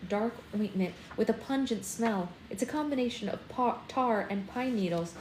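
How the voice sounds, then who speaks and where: A woman's voice: medium pitch, warm tone, slight background noise. A woman hosting a book club, reading a first-person novel aloud expressively and acting out the dialogue, on a phone live stream. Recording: roomy room with faint ambience.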